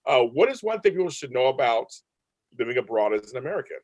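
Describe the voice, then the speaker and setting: A man's voice: medium pitch, big pitch swings, quick pace, a little mellow, dry recording. A man hosting an interview, chatty and enthusiastic, often rambling and repeating himself. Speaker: host. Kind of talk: casual interview chat. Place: Los Angeles.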